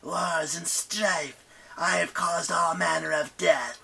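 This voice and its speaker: A spiteful goddess of strife who hisses and boasts, as a woman reader puts her on. She drags out her words slowly, pitched above the reader's own voice, with a breathy hiss. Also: steady tone, pushed and bright, heavily acted. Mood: menacing. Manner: hissing, boastful.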